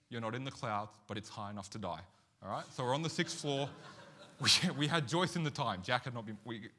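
A man preaching a sermon, telling a story in an animated, self-mocking way. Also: medium pitch.

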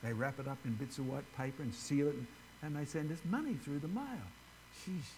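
A man's voice: medium pitch, lively intonation, a little fast, a little mellow, a little hiss or hum, rough recording. A man giving an informal ministry presentation, chatting directly with his audience. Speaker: creationist ministry speaker.

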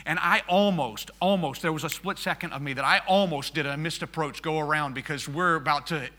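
A man with a very bright, forceful voice that sits a little high delivers a sermon as a story. He acts out the exchanges with energy, then drops to a soft, hushed tone when he reflects. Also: moderate pace. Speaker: missionary pilot preaching.

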